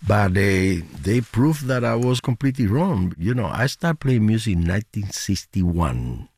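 An older man with a very low, gravelly and husky voice tells animated stories in broken English, his pitch swinging widely as he goes. He restarts his sentences often and laughs easily. The sound is dry and close, with faint music underneath. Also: measured pace, no room sound. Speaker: guest musician. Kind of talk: animated interview chat.

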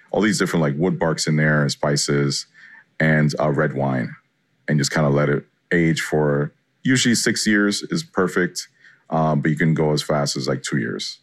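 A man, a chef, giving chatty and enthusiastic answers in an interview. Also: very deep voice. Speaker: chef and guest.

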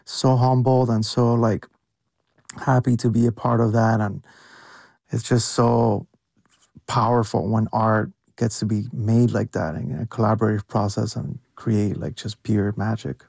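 A man's voice: lowish voice, little pitch movement, measured pace, gravelly, darkish tone, dry recording, clean studio sound. A young man, a music producer guest, speaking earnestly in a casual interview, with many fillers. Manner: earnest, filler-heavy, lots of "like".

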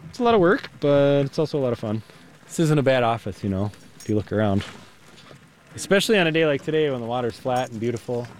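A man's voice: mid-range voice, very animated, fast, slight background noise. A man who harvests crayfish, talking candidly and casually in interview clips from a small boat on a lake.

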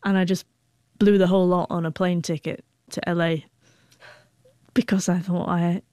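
A woman in her forties shares a heartfelt memory, her speech catching on repeated sound blocks. Her voice is smooth and resonant. It sits close and dry, with no room around it. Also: lowish voice, level tone, moderate pace, dark tone, no room sound. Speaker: guest, author. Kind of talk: emotional personal recollection.

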